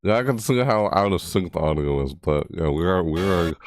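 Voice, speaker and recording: A young man giving live reaction commentary, rambling and excitable, often breaking into laughter. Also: low-pitched, brisk, over music. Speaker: reaction streamer.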